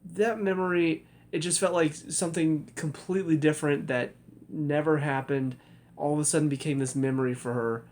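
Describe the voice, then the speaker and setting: A man's voice: on the high side, fairly even intonation, normal speed, a little mellow. A young man giving a casual spoken review of a TV episode, hesitant, with many fillers and restarts. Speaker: TV review vlogger.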